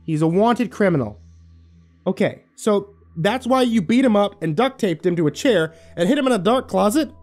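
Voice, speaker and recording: A man's voice: high-pitched, expressive, normal speed, darkish tone, pitched above the performer's own voice. A man voicing a sly male shape-shifting demon posing as an ordinary man, asking mocking, incredulous questions.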